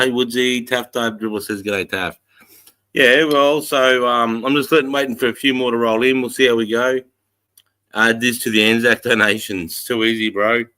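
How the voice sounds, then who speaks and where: A man's voice: medium pitch, pushed and bright. A middle-aged Australian man hosting a casual livestream, greeting viewers in a laid-back, sweary way. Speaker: livestream host.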